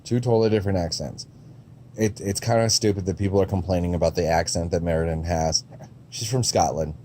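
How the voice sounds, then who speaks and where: A man's voice: sits low, steady tone, a little fast, mellow, slight background noise. A man giving a casual, rambling review of movie trailers, with frequent ums and restarts and a blunt, sometimes profane way of talking.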